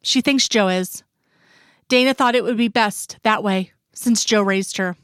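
A gentle, worried older mother, as a woman reads her lines, soft and consoling in a storybook reading. Her voice sits mid-height and is recorded dry and close. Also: mid-range voice, measured pace, clear, resonant tone, no echo, natural voice.

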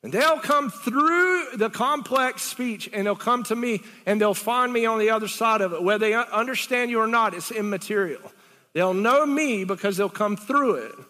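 Guy preaching, kinda high-pitched and sharp, talks loose and chatty, asks the crowd questions, echoey hall. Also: moderate pace. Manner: rambling, conversational preaching with rhetorical questions. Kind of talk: sermon.

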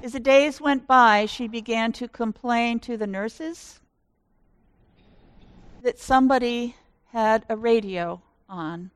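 A woman pastor giving a sermon in slow, measured storytelling. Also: a little high, clean tone, no echo.

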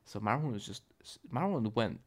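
A man's voice: fairly low pitch, lively intonation, normal speed, a little mellow. A young man hosting a podcast, telling a story in a rambling, profane, self-correcting way. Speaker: podcast host. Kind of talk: casual solo podcast storytelling.

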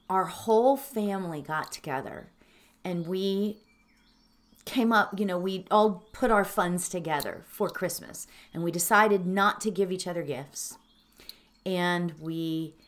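A woman speaks slowly and earnestly as she introduces a guided meditation. Her voice sits a little low and turns teary at times, with halting phrases and soft laughs.

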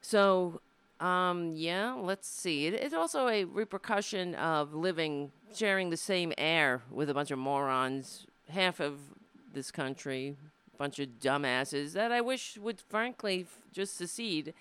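A woman's voice: lowish voice, unhurried, fairly bright tone, clean tone. A woman comedian from hosting her own show, talking in a rambling, profane, sardonic way into a desk microphone. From Brooklyn, USA. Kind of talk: casual live-stream monologue.

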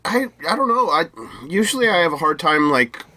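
A man's voice: a little high, expressive, a little fast, pushed and bright. A man co-hosting a podcast, rambling and joking through a casual chat. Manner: joking, rambling talk with many fillers. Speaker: podcast co-host.

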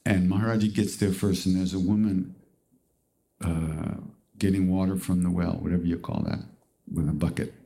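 A man with a fairly low voice tells a spiritual story in a relaxed, conversational way. He speaks earnestly and often restarts or corrects himself mid-sentence. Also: normal speed, creaky. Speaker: spiritual teacher.

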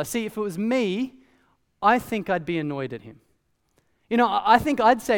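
A man preaching a sermon as pastor, in a conversational, animated way with asides. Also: high voice, fairly quick, big-room sound.

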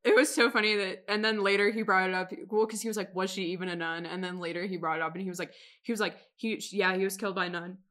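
A woman's voice: mid-range voice, steady tone, fast talker, few pauses, a bit bright. Woman cohost, mid voice, gushy and giggly, kinda rambly. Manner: gushing, laughs often, rambling restarts. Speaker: podcast co-host. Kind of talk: casual chat.

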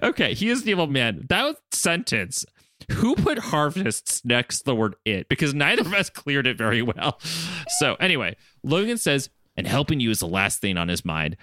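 A man's voice: medium pitch, moderate pace, no room sound. A man co-hosting a podcast, retelling an episode in casual chat and acting out the characters' lines as he goes. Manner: animated, acts out characters' lines while retelling. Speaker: podcast co-host.

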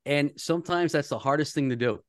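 A man's voice: fairly high pitch, brisk, no room sound. Earnest radio man, dry close sound. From Philadelphia area. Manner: storytelling, earnest, many restarts. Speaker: radio host, guest. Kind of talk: casual podcast chat.

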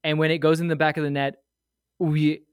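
A man casually telling an animated, rambling story full of asides, as a guest on a podcast. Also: a little high, brisk, clean tone, no room sound, studio quality. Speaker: guest sharing a fan memory.

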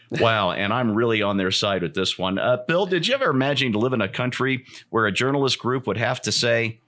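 A man's voice: mid-range voice, expressive, fairly quick, hardly any pauses, bright, forceful tone. A man hosting a casual political talk show, joking and laughing often as he tells a story. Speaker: host.

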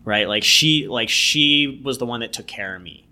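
A man's voice: mid-range voice, normal speed, sharp tone. A man guest casually telling a personal story, rambling with lots of "like" and "you know". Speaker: podcast guest.

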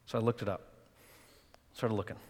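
A man preaching a sermon as pastor, talking conversationally and then rising to loud, emotional cries. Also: lowish voice, fairly even intonation, brisk, long reverb tail.

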